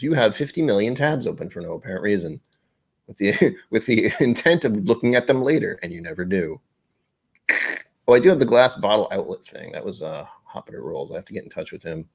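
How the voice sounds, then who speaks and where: A man's voice: mid-range voice, sing-song, a little fast, gravelly. A man hosting a casual whiskey live stream, rambling and self-deprecating as he gets sidetracked.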